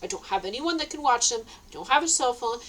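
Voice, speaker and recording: A woman's voice: a little high, expressive, quick pace, a bit bright, low-quality recording. A middle-aged woman ranting to camera, agitated and swearing, rambling with many restarts. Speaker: vlogger.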